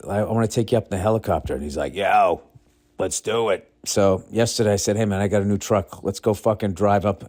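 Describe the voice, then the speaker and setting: A man with a low, deep voice hosts a podcast in a casual, rambling monologue. He talks bluntly and swears freely, and his stories tumble out with excitable energy. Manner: profane, blunt, excitable storytelling. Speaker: podcast host.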